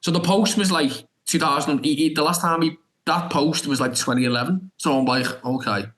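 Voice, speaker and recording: A man's voice: fairly high pitch, a little fast, fairly bright tone, poor audio. A young man tells a long story as a guest on a podcast. He rambles through restarts and filler like "da da da", and he acts out his own reactions along the way. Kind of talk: animated anecdote storytelling.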